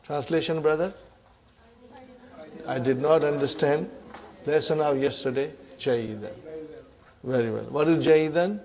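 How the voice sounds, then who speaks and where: At a measured pace with long pauses, the same kind of teacher, a middle-aged man with a fairly high, slightly mellow voice, explains Arabic grammar in English. He laughs between points and checks on the class with repeated "are you with me" and "huh."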